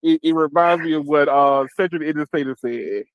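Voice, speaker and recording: A man's voice: a little high, fairly quick, clean tone, dry recording, narrow, tinny audio. A man hosting a casual tech talk show, jokey and slangy, often repeating words as he gets going. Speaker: host.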